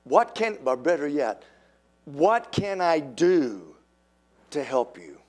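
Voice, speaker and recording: Older guy preaching slow and emphatic, lifts up a bit high, acts out little voices. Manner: animated, acts out quoted voices. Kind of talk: sermon.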